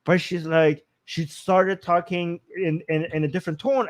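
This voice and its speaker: Iran-born guy cohosting a live stream, kinda high voice, rambly, lots of restarts. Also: fairly even intonation, normal speed, few pauses. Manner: rambling, many restarts and fillers. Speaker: co-host. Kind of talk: casual live-stream discussion.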